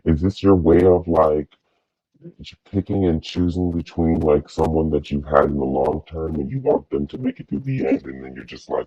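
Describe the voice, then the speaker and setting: A man's voice: extremely low pitch, expressive, moderate pace, husky, no echo. A man co-hosting a TV review in casual chat, sassy and rambling, with lots of fillers. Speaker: co-host of a TV review show. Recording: dull, dry lo-fi mic.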